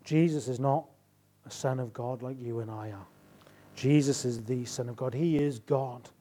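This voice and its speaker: A middle-aged man preaching a sermon, rising to emphatic bursts and dropping to quiet asides. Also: mid-range voice, moderate pace.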